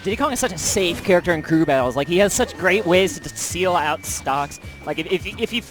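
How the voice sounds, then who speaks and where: High-voiced excited esports caster man. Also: music in the background. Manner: excited, quick calls of the action. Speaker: esports commentator. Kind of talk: play-by-play commentary. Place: large indoor tournament venue.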